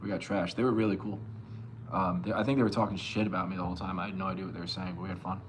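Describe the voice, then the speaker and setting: A young man from Long Island streaming live as a bass player, loosely reading chat and answering with plenty of swearing. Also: level tone, very fast, slight background noise. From Long Island, New York. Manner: loose and profane, reads chat aloud and answers.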